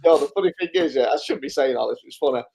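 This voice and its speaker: A man's voice: mid-range voice, racing, gravelly, warm tone, slightly rough. A man hosting a live-stream recap, chatting casually, swearing freely and chuckling through his stories. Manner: loose, swearing, chuckling storyteller. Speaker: host.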